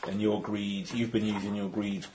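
Male game master, lowish voice, rambling delivery, faint clicks in the background. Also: level tone, moderate pace, a little mellow, slight background noise, poor audio. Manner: rambling, chatty, frequent restarts. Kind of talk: explaining rules and recapping a tabletop game.

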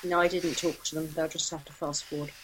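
A woman's voice: low voice, flat delivery, quick pace, fairly bright tone, slight background noise, low-quality recording. A woman playing a tabletop game, chatting casually, asking about rules and laughing easily. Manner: laughs often, asks questions. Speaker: player.

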